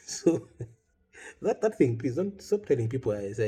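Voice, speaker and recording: A man's voice: mid-range voice, slightly rough. Reflective man telling a painful story. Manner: halting, reflective, with many restarts and soft laughs. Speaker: vlog host. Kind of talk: personal storytelling.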